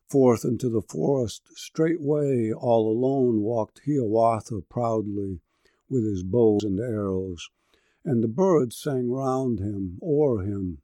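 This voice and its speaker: A man narrating a long narrative poem in a measured, rhythmic verse delivery. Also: medium pitch, mellow, no echo. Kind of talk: narrative poetry reading.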